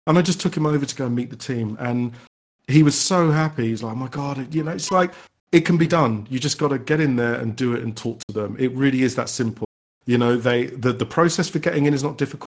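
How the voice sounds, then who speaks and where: A man's voice: mid-range voice, fast. A man, an independent game developer, answering podcast interview questions eagerly, often restarting his sentences. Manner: enthusiastic, rambling with frequent restarts. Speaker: indie game developer guest.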